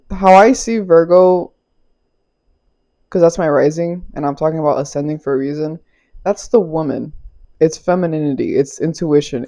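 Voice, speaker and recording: A young woman with a low, warm voice gives a casual spiritual tarot reading into a small clip-on mic. She's loose and chatty, laughing often and swearing casually.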